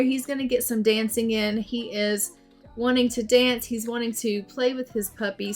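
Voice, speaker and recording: A woman giving casual, chatty let's play commentary on a life-sim game, doting on the characters. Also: a little high. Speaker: gaming channel host.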